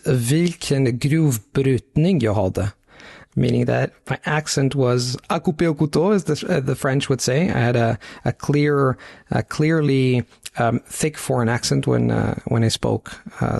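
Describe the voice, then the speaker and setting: Guy reacting to his old clip, raspy-ish fry, reflective, lots of restarts. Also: medium pitch, steady tone, normal speed, darkish tone. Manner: reflective, fond of idioms, frequent restarts. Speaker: language learning YouTuber.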